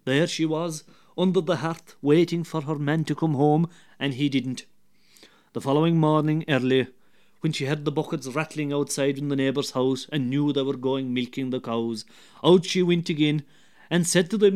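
Older Irish storyteller, lively and dramatic. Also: male voice, on the high side, normal speed, clean tone. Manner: lively, dramatic, swinging between loud and hushed. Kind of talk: traditional folk tale telling.

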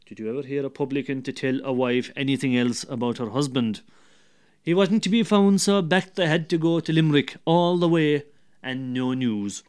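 An older Irish man telling a traditional folk tale, lively and dramatic, swinging between loud and hushed. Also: mid-range voice, clear, resonant tone. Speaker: storyteller.

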